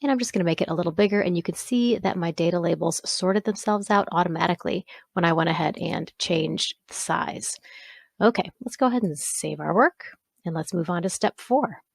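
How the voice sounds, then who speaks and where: Woman instructor with a low, dry voice. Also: fairly quick, creaky, no echo. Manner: step-by-step, self-correcting with small asides. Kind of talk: screen-recorded software walkthrough.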